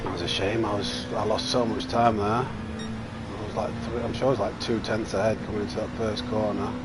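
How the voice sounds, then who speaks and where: A man's voice: lowish voice, moderate pace. A man streaming a racing game live, chatting and muttering reactions to his own driving. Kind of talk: live gameplay commentary. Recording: steady background noise.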